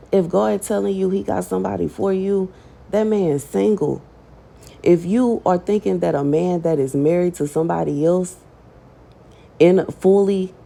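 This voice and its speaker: Very gravelly, dark-voiced woman preaching. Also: fairly low pitch. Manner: emphatic, chatty, slangy, reads scripture aloud. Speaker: online prophetic minister. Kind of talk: casual prophetic preaching to camera.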